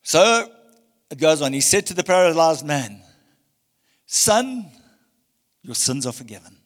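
A male pastor preaching a passionate sermon, swinging between loud emphasis and hushed tones. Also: on the high side, sing-song, measured pace, long reverb tail. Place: church hall.

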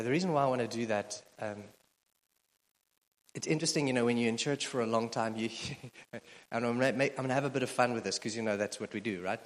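A male pastor delivers a sermon in a casual, humorous way, trailing off into fillers and restarts. His voice sits at an ordinary middle pitch for a man. The sound carries the long, echoing reverb of a large church hall. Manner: conversational, self-deprecating humor, frequent fillers. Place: church auditorium.

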